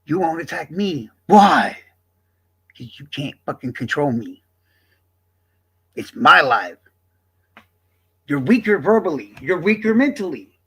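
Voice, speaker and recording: Man, streamer, husky voice, high and lively pitch, profane, combative rant. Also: unhurried, long pauses. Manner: profane, combative, addressing chat directly. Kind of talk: ranting livestream monologue.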